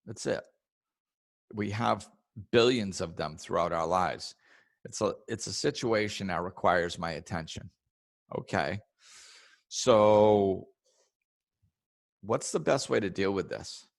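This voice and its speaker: A man hosting a casual spiritual self-help podcast, talking in a relaxed way and acting out other people's words in raised voices. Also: fairly low pitch, takes it slowly, gravelly, long pauses, no echo, clean studio sound. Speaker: podcast host.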